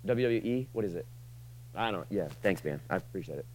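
A man preaching a sermon to a room, casual and joking, swinging from loud passionate lines to quiet asides. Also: low-pitched, expressive, a little fast, a little hiss or hum, low-quality recording. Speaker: pastor.

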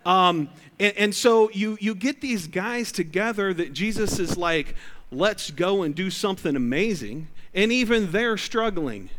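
A middle-aged male pastor preaching a sermon in a conversational, joking way, with sudden loud bursts. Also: sits high.

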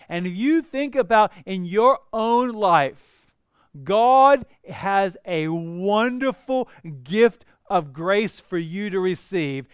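A man preaching a sermon as a pastor, animated and conversational, with personal asides. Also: high voice, clean tone, no room sound, clean studio sound.

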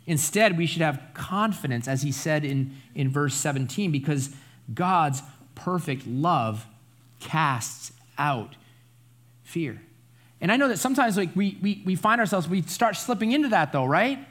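A man's voice: fairly high pitch, lively intonation, a little slow, fairly bright tone. A man preaching a Bible study sermon in a conversational, emphatic way, often adding asides and tag questions. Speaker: pastor.

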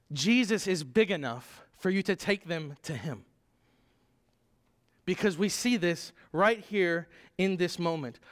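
A man's voice: sits high, fairly bright tone. A man preaching a sermon as a pastor, earnest and emphatic, with small restarts as he talks.

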